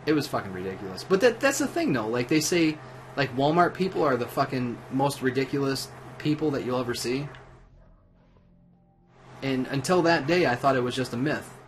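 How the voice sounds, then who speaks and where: A man's voice: mid-range voice, lively intonation, moderate pace, slight background noise. A drunk man livestreaming at home, telling a profane, rambling story in a casual way, with many restarts. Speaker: livestream host. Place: at home while gaming.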